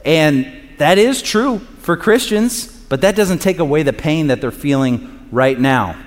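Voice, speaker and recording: A man's voice: on the high side, lively intonation, unhurried. A man preaching in a loose, conversational way, cracking jokes and acting out quotes between points. His voice rings out with a long reverb from a large hall. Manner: conversational and joking, acts out quotes. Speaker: pastor. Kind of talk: sermon.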